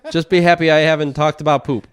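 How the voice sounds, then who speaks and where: A young man co-hosting a casual podcast, jumping between topics and telling stories deadpan, with frequent laughs. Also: fairly high pitch, quick pace, clear, resonant tone. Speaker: podcast co-host. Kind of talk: casual chat.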